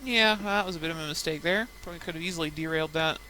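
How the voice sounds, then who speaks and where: A young woman chats casually while gaming, drifting from anecdote to anecdote and laughing often. Her voice is bright and forward. She talks loosely, with restarts and asides. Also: sits low, rapid-fire, slight background noise, poor audio. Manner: rambling storytelling, frequent laughs. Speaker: gaming podcaster. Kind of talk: casual chat while playing a game.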